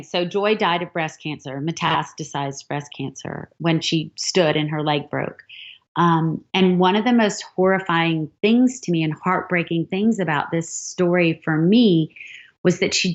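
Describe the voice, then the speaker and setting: A woman's voice: lowish voice, unhurried. A middle-aged woman novelist, telling stories animatedly in an interview and acting out the dialogue. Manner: animated storyteller, acts out quoted dialogue. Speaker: novelist guest. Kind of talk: storytelling interview answer. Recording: dull lo-fi sound.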